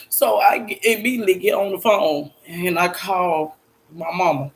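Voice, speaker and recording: A woman's voice: on the low side, steady tone, normal speed. Young woman telling a blunt, profane story. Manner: blunt, profane, repetitive retelling with loud exclaimed quotes. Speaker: storytime vlogger. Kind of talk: emotional storytime monologue.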